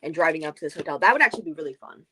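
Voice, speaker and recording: Animated woman rambling on a livestream. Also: deep voice, rapid-fire, slight background noise. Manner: animated, rambling, goes off on tangents. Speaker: book club co-host. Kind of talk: casual chat on a livestream. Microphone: video call.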